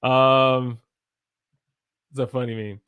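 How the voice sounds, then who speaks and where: An American man gives a relaxed livestream English lesson, repeating words to demonstrate them. His voice sits in a middling pitch. It is recorded close and dry. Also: slow, clean tone, no echo, phone-quality sound. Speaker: English teacher. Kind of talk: casual livestream pronunciation lesson.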